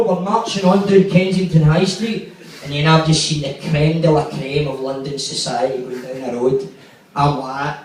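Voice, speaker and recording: A man's voice: a little high, fairly even intonation, moderate pace, heavy reverb, distant mic, rough recording. A man with a Glaswegian accent doing stand-up, telling profane, rambling stories and acting out the quotes. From Glasgow, Scotland. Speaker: stand-up comedian. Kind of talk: stand-up storytelling. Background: audience laughter.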